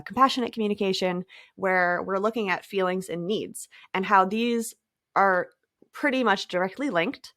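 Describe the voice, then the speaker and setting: A woman hosting a reflective spiritual talk, speaking gently and thoughtfully with light laughs and trailing phrases. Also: medium pitch, no room sound, clean studio sound. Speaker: podcast host.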